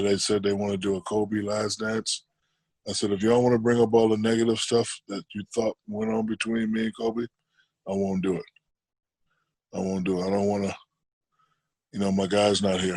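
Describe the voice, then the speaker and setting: A man in his forties, a podcast guest on a video call, who jokes loudly in banter and turns slow and reflective when he talks about serious things. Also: on the low side, husky, no echo, rough recording. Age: 40s. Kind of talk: casual chat over a video call.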